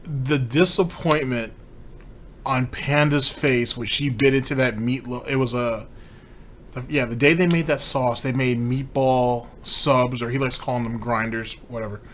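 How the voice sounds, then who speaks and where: Male host for a ranting commentary segment, profane and mocking, average pitch. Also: steady tone, unhurried, fairly bright tone, a little hiss or hum.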